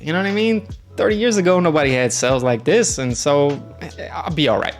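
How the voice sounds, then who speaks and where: A man casually telling a travel story on his stream, animated and jumping into quoted voices. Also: fairly high pitch, quick pace, faint music behind.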